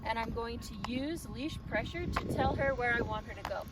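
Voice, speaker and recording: A woman dog trainer narrating a heel demonstration while walking a dog outdoors, instructive and brisk. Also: on the high side, distant mic, very noisy.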